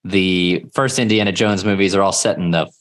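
Male podcast co-host, low voice, loose and chatty with fillers. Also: steady tone, moderate pace. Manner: rambling, filler-heavy, loud bursts when quoting yells. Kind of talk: casual chat.

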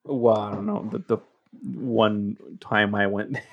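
A man's voice: lowish voice, level tone, measured pace, lo-fi sound. Blunt, chatty man in casual talk. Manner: chatty, blunt, casually profane, lots of restarts. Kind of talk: casual chat.

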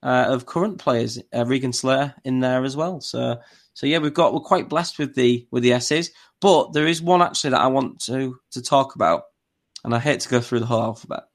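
A man's voice: medium pitch, fairly quick. A man co-hosting a podcast, telling casual stories in a rambling way with many fillers. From not from Newcastle. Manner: rambling, filler-heavy storytelling. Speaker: podcast co-host. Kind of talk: casual chat.

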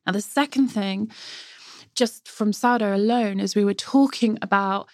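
A woman's voice: medium pitch, moderate pace, dry recording, clean studio sound. A woman, a sourdough expert, talking enthusiastically and emphatically in a casual interview. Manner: enthusiastic, emphatic, laughs easily. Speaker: sourdough baking expert guest.

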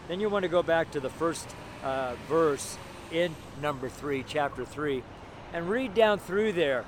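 A man preaching a street sermon outdoors by a busy intersection, talking in an earnest, rambling way with many fillers and restarts. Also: fairly high pitch. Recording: noisy street recording with traffic. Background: loud traffic noise.

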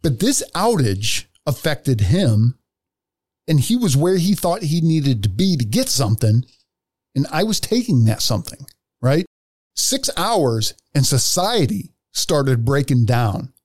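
A man's voice: fairly high pitch, big pitch swings, a little slow, darkish tone, no echo, studio quality. A man telling a story in casual podcast chat, blunt and profane, acting out the other people in it. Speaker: podcast co-host.

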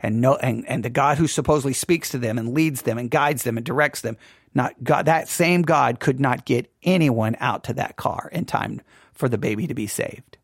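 A man's voice: mid-range voice, normal speed, husky, dry recording, studio quality. A man speaking earnestly in a sermon-style talk, often repeating and restarting phrases. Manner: earnest, repeats and restarts phrases, rises when quoting cries. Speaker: preacher. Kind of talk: impassioned sermon-style commentary.

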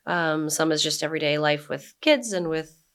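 A woman's voice: low voice, moderate pace. A woman in her forties, a guest chatting casually in an interview and then reading her own blog aloud. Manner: relaxed and chatty, reads with emphatic quoted lines. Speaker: guest, blogger and brewery owner.

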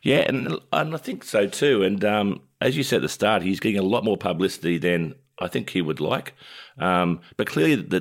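Deep-voiced Australian man, laid-back sports chat. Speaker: sports radio co-host, former cricketer.

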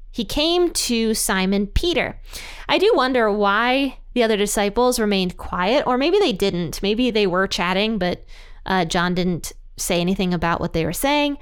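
A woman's voice: mid-range voice, smooth. A woman hosting a Bible study, explaining scripture in a chatty way with light laughs between points. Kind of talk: casual Bible teaching.

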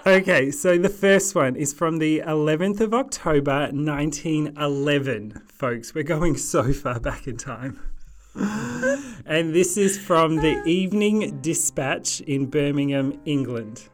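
A podcast co-host in casual chat, laid-back and quick to laugh. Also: mid-range voice, very animated.

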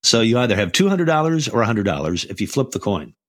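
A man's voice: lowish voice, big pitch swings, fast, dry recording, studio quality. An older man hosting a podcast, telling stories in a casual way with many restarts and repeated words. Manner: storytelling, frequent restarts and stammered repeats. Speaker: podcast host.

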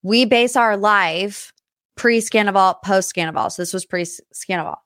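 Speaking at a moderate pace in a mid-range voice, a young adult woman chats casually on her solo pop-culture podcast, recorded dry at studio quality. She's talkative, drifts into tangents, and makes animated asides.

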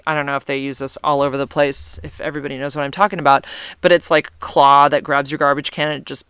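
Chatty, exasperated man with a bright voice. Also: fairly high pitch, quick pace, clean tone, dry recording, studio quality. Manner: chatty, exasperated, talks in run-on asides. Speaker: vlogger. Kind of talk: casual rambling monologue.

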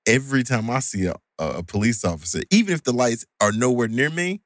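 A man co-hosting a casual podcast conversation, measured and earnest. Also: medium pitch, lively intonation, no room sound, studio quality.

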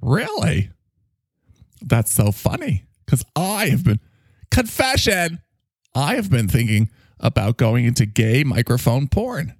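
A man voicing a cocky, needy male talking microphone that swoops in pitch and bursts into shouts. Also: big pitch swings, takes it slowly, dry recording, clean studio sound, heavily acted. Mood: gushing. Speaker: podcast co-host character. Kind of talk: improvised comedy bit.

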